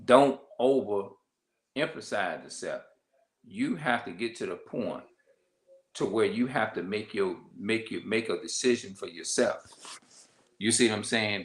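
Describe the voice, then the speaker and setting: A man talking casually to camera, repeating himself and often checking that the listener follows. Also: poor audio. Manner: repetitive, conversational, often asks "you see what I'm saying"; acts out quoted voices with sharp jumps in pitch. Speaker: vlogger.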